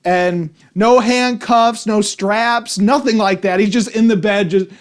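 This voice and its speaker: High-voiced man griping about a film. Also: steady tone, a little slow. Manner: rambling and exasperated, many restarts. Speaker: movie reviewer. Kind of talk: casual spoken film review.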